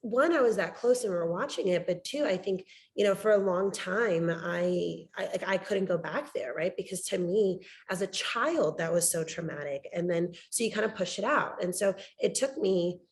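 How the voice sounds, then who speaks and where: A woman in her thirties hosts an interview podcast. Her voice sits low with a gravelly fry, and she talks in a relaxed, reflective way, full of fillers. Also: moderate pace, few pauses. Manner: conversational, reflective, many fillers. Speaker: podcast host.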